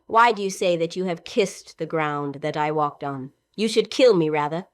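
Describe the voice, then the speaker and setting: A woman reading the role of a weary, fragile young actress in a play reading, with heartfelt, halting delivery. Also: deep voice, no room sound, studio quality, natural voice.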